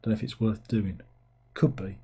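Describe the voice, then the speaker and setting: A man's voice: lowish voice, steady tone, normal speed, warm tone, husky, dull audio. A middle-aged man, hosting a livestream in casual chat. He rambles and mocks himself as he reads out viewers' comments. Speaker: livestream host.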